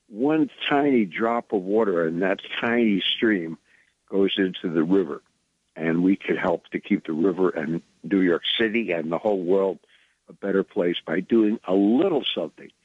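A man's voice: deep voice, slightly rough, no room sound, narrow, tinny audio. An older man, a musician and radio guest, telling long earnest anecdotes in a rambling conversational way that drifts into preaching. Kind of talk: conversational storytelling.

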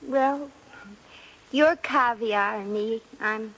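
A woman's voice: fairly high pitch, very slow, a bit bright, slightly rough, full character voice, poor audio. An actress playing a slangy, wry American shop girl in a 1940s radio drama. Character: wisecracking American shop girl posing as a lady.

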